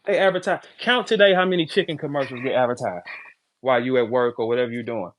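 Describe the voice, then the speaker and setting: A man hosting a podcast, ranting in a brash, profane, animated way, jumping between loud outbursts and low asides. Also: quick pace, a little hiss or hum. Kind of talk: casual podcast rant.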